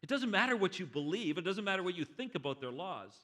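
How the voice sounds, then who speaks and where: A preacher acts out a diplomat who keeps reasoning with his stubborn countryman. He explains firmly in a bright, slightly high voice, with frequent stammered restarts. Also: sing-song, fast talker, full character voice. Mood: exasperated. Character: exasperated male British diplomat, patient but firm.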